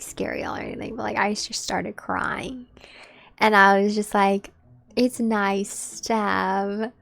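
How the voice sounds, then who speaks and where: A woman's voice: mid-range voice, vocal fry, a bit bright. A woman live-streaming a game, chatting casually and directly with her viewers. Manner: chatty, talks straight to her chat.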